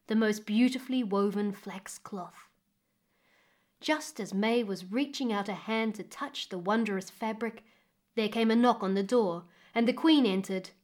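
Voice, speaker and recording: A woman narrating a fairy tale expressively with dramatic pauses, as a storyteller reading a book. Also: medium pitch.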